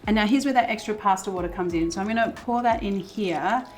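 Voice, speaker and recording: A woman's voice: mid-range voice, quick pace, soft background music. A woman hosting a cooking show, chatting casually through a recipe as she cooks in a kitchen. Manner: chatty, relaxed, with fillers. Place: home kitchen.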